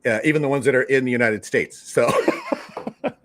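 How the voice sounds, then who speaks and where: Man, live-stream host, casual joking chat, greets viewers by name, middle pitch. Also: huge pitch swings, moderate pace, over a noisy crowd.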